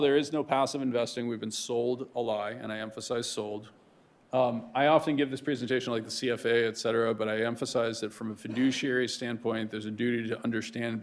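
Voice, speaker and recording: A man giving a conversational lecture to a room of students as a guest speaker, often checking in with "right?". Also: mid-range voice. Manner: conversational, keeps asking "right?".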